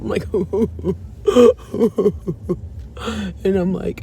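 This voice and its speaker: A woman with a low, gravelly voice talks from her parked car with faint outdoor sound around her. She rambles in a candid, open way, sharing feelings and faith with her viewers. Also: very slow, pauses often, mellow, a little hiss or hum. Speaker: faith vlogger. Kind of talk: casual confessional vlog. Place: parked car in a store parking lot.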